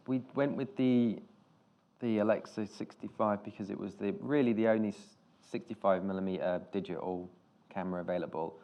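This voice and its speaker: A man's voice: fairly low pitch, darkish tone. A British man, a film director, telling anecdotes on stage in a rambling way, with restarts and casual swearing. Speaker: film director, interview guest. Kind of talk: live on-stage conversation.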